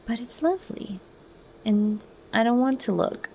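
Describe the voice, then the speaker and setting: A woman's voice: on the high side, expressive, unhurried, creaky, a little mellow, slight background noise, voice pushed up, rough recording. A woman voicing an anxious, pleasure-loving young woman who pleads in distress, as whispered role-play.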